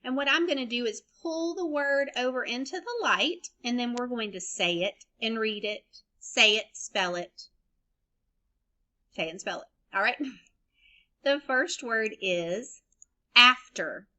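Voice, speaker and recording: A woman teaching young children a recorded phonics lesson, sounding out and spelling words slowly and deliberately. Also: a little high, sharp tone. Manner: slow, deliberate spelling and sound-blending for kids. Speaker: elementary school teacher.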